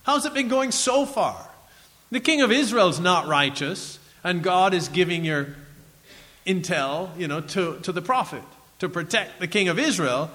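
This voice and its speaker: A man preaching a sermon in an animated way, chuckling as he reads scripture aloud to his listeners. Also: high voice, measured pace, in a large hall.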